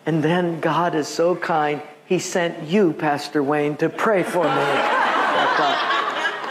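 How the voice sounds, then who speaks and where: A man's voice: steady tone, slow, heavy background noise. A man preaching a sermon, telling stories and acting out the voices of people in them. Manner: storytelling, acts out quoted voices with big pitch jumps. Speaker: pastor.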